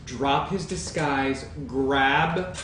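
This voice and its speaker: A man playing a tabletop game, declaring his moves in an unhurried way. He sits away from the mic in a strongly echoing room with faint noise behind him. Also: medium pitch, a bit bright. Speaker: player. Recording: distant mic in an echoey noisy room.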